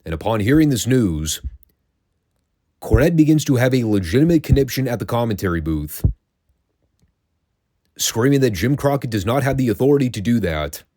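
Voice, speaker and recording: A man's voice: medium pitch, expressive, moderate pace, pauses often, dark tone, no room sound. A man hosting a classic wrestling review show, recapping matches in a wry, sarcastic, casual tone and swearing freely.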